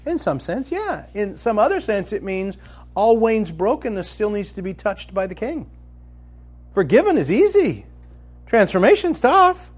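A man teaching from the Bible in a conversational, colloquial style, telling the story vividly and swinging from loud to hushed. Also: sits high, sing-song, unhurried. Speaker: preacher.

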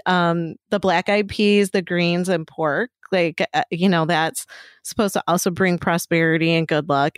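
A middle-aged woman co-hosting a casual chat, telling animated stories and swearing freely. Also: on the low side, dry recording, studio quality.

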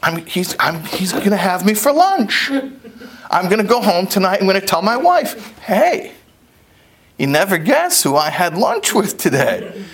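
A naive male fish bursts with pride in a high, squeaky voice, gushing breathlessly about his own importance, as a man puts him on. The voice climbs high above the performer's own. A husky edge runs through it. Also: very animated, unhurried, heavily acted. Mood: giddy.

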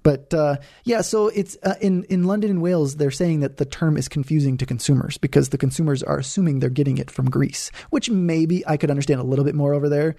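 Gravelly, dark-voiced man co-hosting. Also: on the high side, no echo, clean studio sound. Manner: halting, restarts often, playful. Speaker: podcast co-host. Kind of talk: casual chat.

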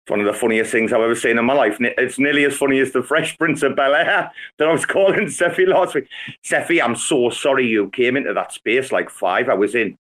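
Brief: young British man, mid-pitched, rowdy sweary banter on an online call. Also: brisk, fairly bright tone. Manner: swearing, teasing, theatrical. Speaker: regular on a crypto chat space. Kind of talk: casual banter on an audio call.

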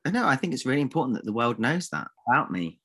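A man's voice: medium pitch, very animated, fast talker, a bit bright, husky. A man co-hosting a podcast in playful banter, mock-outraged and fond of theatrical, old-fashioned insults. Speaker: podcast co-host.

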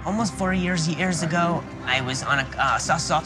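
Male contestant with a stutter, high-voiced, heard over loud backing music. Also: normal speed. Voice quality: stutter with repeated words. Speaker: talent show contestant, comedian. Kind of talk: onstage interview. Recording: loud music under a TV clip.

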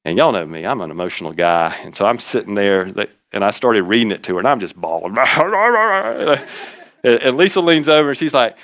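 A middle-aged man delivers a sermon in a relaxed, folksy storytelling manner. He repeats his key lines for emphasis, in a voice that sits on the low side. The sound is close and dry. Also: quick pace, few pauses, dry recording. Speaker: pastor.

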